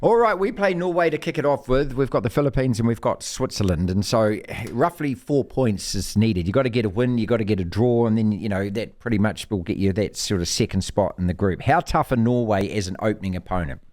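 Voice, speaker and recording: A man hosting sports radio, teasing and quizzing his co-host in lively banter. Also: on the low side, a little fast, hardly any pauses, no room sound, clean studio sound.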